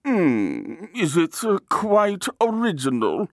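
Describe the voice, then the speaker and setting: Man putting on a pompous artist voice, high and sloooow, suspicious haggler. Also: wildly swooping pitch, slow, dry recording, studio quality, full character voice. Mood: haggling.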